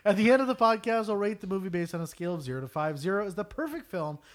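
A man's voice: sits high, very fast. A man hosting a movie podcast with friends, reading the show intro and often breaking into laughs. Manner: laughs through lines, lively and animated. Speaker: podcast host. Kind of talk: casual podcast chat and scripted intro.

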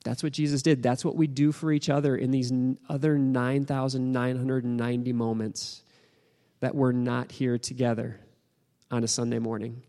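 A man's voice: medium pitch, little pitch movement, moderate pace, dark tone, in a large hall. A man preaching a sermon as pastor, earnest and encouraging, repeating his phrases.

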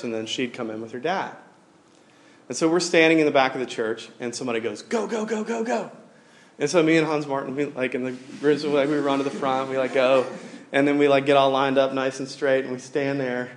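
A man in his thirties delivering a sermon that drifts into personal storytelling. He talks casually, with plenty of fillers and restarts, at an ordinary middle pitch. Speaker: pastor.

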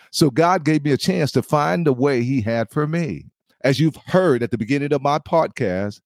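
A man hosting a podcast, giving a measured, earnest sermon with a personal testimony and reading scripture aloud. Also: mid-range voice, darkish tone, dry recording, clean studio sound. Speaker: podcast host and preacher.

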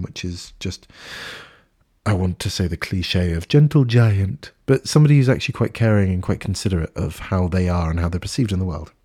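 A man with a low, dark, husky voice talks casually on a podcast. He is candid and earnest, musing aloud and letting an occasional swear word slip. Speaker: podcast host. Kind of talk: reflective casual podcast talk.

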